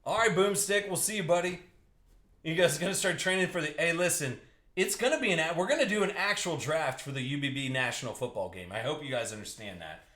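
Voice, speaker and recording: A man's voice: a little high, expressive, fairly quick, sharp tone, echoey room. A young man hosting a live card break, joking and riffing with viewers by name as he opens packs.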